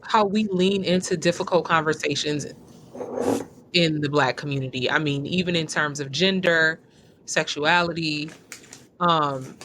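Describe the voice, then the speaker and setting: Slow, measured woman hosting. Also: low voice, a bit bright, slight background noise. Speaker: podcast host. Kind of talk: interview conversation.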